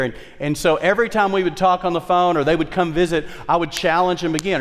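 Passionate preacher in a reverberant sanctuary. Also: male voice, fairly high pitch, a little fast. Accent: Southern US twang. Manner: impassioned, shifts between loud exhortation and hushed storytelling. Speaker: pastor. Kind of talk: sermon. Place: church sanctuary. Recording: long reverb from a large hall.

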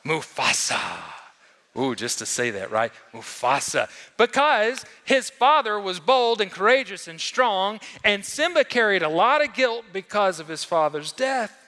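Man, pastor, sermon, bright ringing voice, long hall echo, loud-soft swings, questions to the crowd. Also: high voice, very animated, normal speed, hardly any pauses. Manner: preaching with big swings between loud and hushed; asks the congregation questions.

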